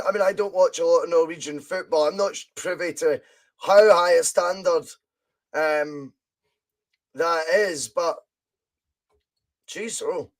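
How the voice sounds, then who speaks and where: A Scottish man with a slightly higher-than-usual voice gives chatty live fan commentary on a match as a podcast host. He talks along casually, reads out viewer comments, and breaks into excited shouts whenever his side goes close.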